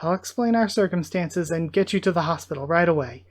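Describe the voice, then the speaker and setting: A desperate young man, read aloud by a man, urgent and pleading, with a slightly high voice. He sounds like a manga character being read out. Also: expressive, brisk.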